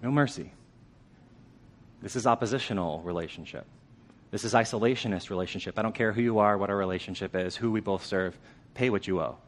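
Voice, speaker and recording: A man with a fairly low-pitched voice preaches briskly, in a conversational manner. He puts questions to the congregation and drops to a hush on the weighty lines.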